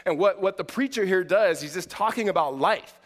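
A man's voice: sits high, fairly quick. A man in his forties giving a sermon as pastor, conversational and self-deprecating, building to emphatic passages. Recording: long hall reverb.

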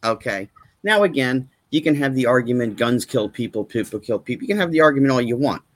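Husky man talking emphatically. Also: medium pitch, animated, fast. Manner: emphatic, repetitive, rhetorical questions. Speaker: guest. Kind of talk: casual chat.

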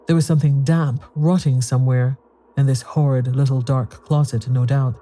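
Man, ghost story narration, very mellow dark tone, measured, even delivery. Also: mid-range voice.

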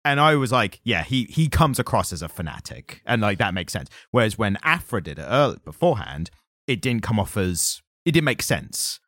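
Man, podcast co-host, low voice, dry sound, lively retelling. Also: normal speed, no room sound. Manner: animated, acts out quotes from the comics. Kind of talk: casual chat about comics.

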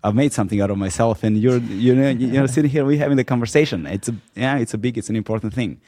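A man interviewing a guest in a casual sit-down chat, talking in a rambling, halting, earnest way. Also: medium pitch, dark tone, dry recording.

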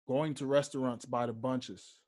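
A young man talking alone into his podcast mic at an unhurried pace. He picks his words with care and leans hard on the points he wants to land. His voice sits at an ordinary middle pitch for a man. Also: fairly even intonation, darkish tone. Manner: slow, deliberate, emphatic. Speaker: podcast host. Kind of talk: solo podcast monologue.

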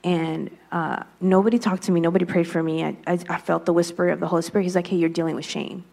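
A woman's voice: fairly low pitch, steady tone, fast, gravelly, warm tone. A woman speaking candidly as a guest, sharing a reflective personal faith testimony. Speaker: guest, wife.

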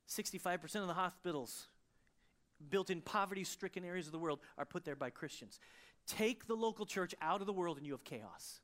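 A pastor giving an emotional sermon, moving between fervent emphasis and hushed, quiet passages. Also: medium pitch, a little fast.

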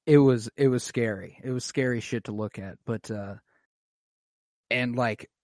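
A man's voice: mid-range voice, measured pace, darkish tone, no echo. Casual guy hosting, loose rambly recap, dry close sound. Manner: loose, rambling, many fillers. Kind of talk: casual chat recapping an episode.

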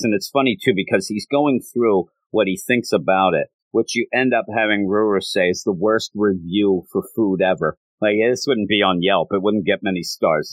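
A man's voice: fairly low pitch, no room sound, rough recording. A man casually recapping a story in a rambling, amused way with many asides. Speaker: anime reviewer.

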